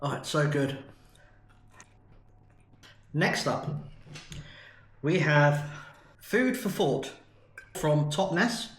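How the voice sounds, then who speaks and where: A man's voice: a little high, lively intonation, very slow, pauses often, roomy sound. A man from the UK in a chatty, enthusiastic food review vlog. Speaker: food vlogger.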